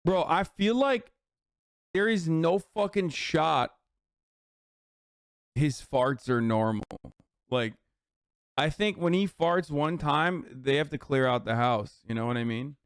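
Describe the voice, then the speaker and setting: Man, streamer, casual reaction commentary, profane, mocking, crisp voice, dry sound. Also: on the high side, slow, pauses often, no echo. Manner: loose, profane, mocking, incredulous.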